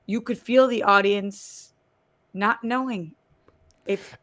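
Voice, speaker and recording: A woman co-hosting a podcast, talking in casual chat with quick asides. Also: mid-range voice, steady tone, a bit bright. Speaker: podcast co-host.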